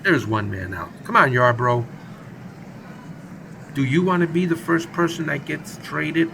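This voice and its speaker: A man with a gravelly, fry-laced voice calls a simulated baseball game in a loose, jokey play-by-play. His chatter is casual and playful, with a faint hum of noise underneath. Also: a little high, big pitch swings, moderate pace. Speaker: gaming channel host.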